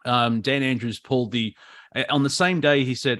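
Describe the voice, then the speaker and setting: A man's voice: mid-range voice, steady tone, a little fast, fairly bright tone, dry recording. An Australian man co-hosting a comedy chat, rambling and ranting with many fillers and restarts over a video call. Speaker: comedy show co-host.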